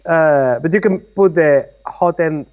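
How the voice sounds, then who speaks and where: A man's voice: fairly high pitch, takes it slowly. A man co-hosting a casual live-stream chat from his workshop, patiently explaining technical details over a video call. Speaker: co-host. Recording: slightly muffled audio.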